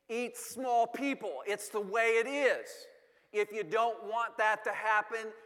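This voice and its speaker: Male speaker, self-deprecating storyteller, slightly high voice, long hall reverb. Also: fairly bright tone. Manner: humorous, self-deprecating, repeats words. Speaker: speaker telling a family story. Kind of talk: storytelling talk to an audience.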